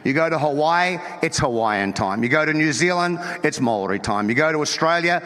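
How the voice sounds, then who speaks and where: A man delivers a sermon from the pulpit with a somewhat high, bright voice, mixing teasing humor with firm emphasis. He often restarts a thought by repeating a word or two. His voice trails off into the long reverb of a large church hall. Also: animated, fairly quick, few pauses. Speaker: pastor. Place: church auditorium.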